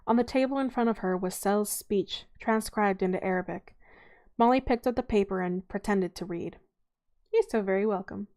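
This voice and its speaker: A woman's voice: medium pitch, normal speed, a little mellow. A young adult woman reading a novel aloud in an informal way, often stumbling and correcting herself.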